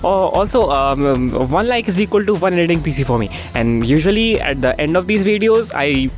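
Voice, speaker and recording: A young commentary narrator with a very lively, bouncing pitch, joking and cursing as they go. Faint music plays under the voice. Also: brisk. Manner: jokey, profane, playful swings in tone. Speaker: YouTuber narrator.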